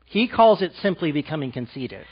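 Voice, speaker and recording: A man preaching a sermon to a live congregation, asking them questions and dropping to a soft, quiet voice for emphasis. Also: on the high side, sing-song, brisk, breathy edge, dull audio. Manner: engaging, asks the audience questions.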